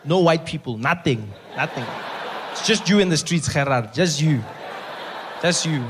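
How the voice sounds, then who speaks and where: A man with a South African accent doing animated stand-up storytelling and chatting with the audience. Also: on the high side, moderate pace, noisy background. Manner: animated, conversational, teasing the audience. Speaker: stand-up comedian. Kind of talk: stand-up storytelling and crowd work.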